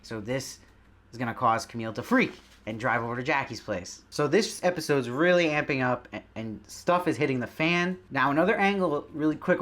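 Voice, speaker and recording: A man's voice: medium pitch, a bit bright. A man hosting his own show, giving a casual, enthusiastic spoken review of a TV episode and putting questions to his audience.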